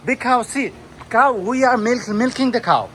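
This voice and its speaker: A man's voice: extremely high pitch, normal speed, bright, forceful tone, slight background noise. Coaxing man. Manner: coaxing, sing-song talk to a toddler, mixing English and Nepali. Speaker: vlogger and father. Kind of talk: casual family vlog narration. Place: outdoors on a farm.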